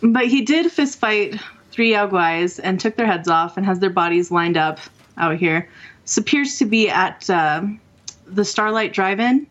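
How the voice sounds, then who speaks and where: A woman's voice: mid-range voice, unhurried, fairly bright tone, lo-fi sound. Chatty woman co-hosting a gaming show. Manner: chatty, enthusiastic, laughs easily. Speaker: podcast co-host. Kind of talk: casual gaming chat. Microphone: remote call mic.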